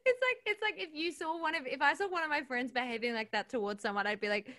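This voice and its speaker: An Australian woman co-hosting a podcast in casual chat, rambling and halting with frequent restarts and laughs. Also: high-pitched, pushed and bright, no echo, studio quality. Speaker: podcast co-host; performer.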